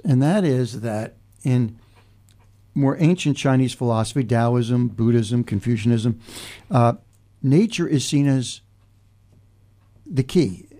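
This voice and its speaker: With a warm, mid-range voice, an older podcast host on a casual talk show wanders through a reflective story, frequently starting his sentences over.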